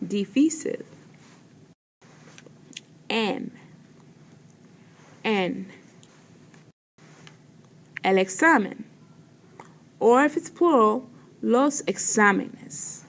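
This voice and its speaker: Slow, deliberate woman teacher. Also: a little high, gravelly, a little hiss or hum. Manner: slow, careful pronunciation with words repeated twice. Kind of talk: vocabulary pronunciation lesson.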